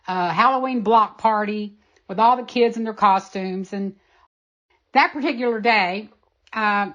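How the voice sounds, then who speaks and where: A woman being interviewed, telling a personal story in an animated, emphatic way. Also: mid-range voice, highs cut off. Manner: animated, emphatic, acts out quoted voices.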